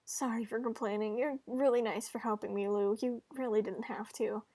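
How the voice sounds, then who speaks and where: A woman voicing a shy, teary student who cries easily, speaking softly and apologetically. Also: on the high side, steady tone, moderate pace, no room sound. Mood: shy, apologetic. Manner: soft, quiet and apologetic.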